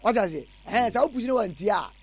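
A Ghanaian man answering questions in a casual interview, animated and mixing in English words. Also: high voice, fast talker, vocal fry, husky.

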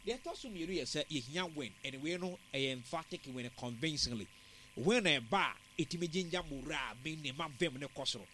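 A man giving football analysis on a sports talk show, in a measured, analytical way. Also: fairly high pitch, animated, sharp tone, slight background noise.

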